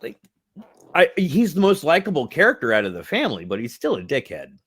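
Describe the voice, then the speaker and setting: A man chatting through a movie review with a friend, retelling his favorite moments between bursts of laughter. His voice sits slightly high and leaps around a lot, and he swears casually. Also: huge pitch swings, brisk, a bit bright, husky. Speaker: podcast co-host.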